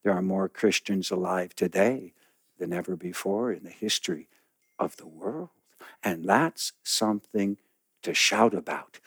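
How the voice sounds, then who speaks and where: A pastor preaching a sermon, telling a story dramatically and acting out the people in it. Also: male voice, low-pitched, unhurried, breathy edge, no room sound, clean studio sound.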